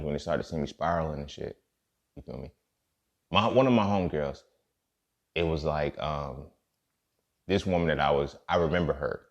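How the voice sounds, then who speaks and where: A podcast host with an extremely low, creaky voice tells a personal story in a loose, slangy, profane monologue, checking in often with "you feel me."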